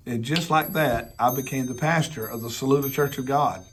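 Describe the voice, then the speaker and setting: A man with a Southern accent, hoarse from laryngitis, preaching a personal storytelling sermon in a folksy way, with joking asides and repeated rhetorical questions. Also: mid-range voice, steady tone, fairly quick, hardly any pauses, a little hiss or hum. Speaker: pastor.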